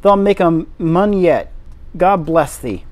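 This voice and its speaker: Gruff shaky old gardener, broad dialect, voiced by a male reader. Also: sits high, lively intonation, unhurried, darkish tone. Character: gruff old Yorkshire gardener, outraged then moved.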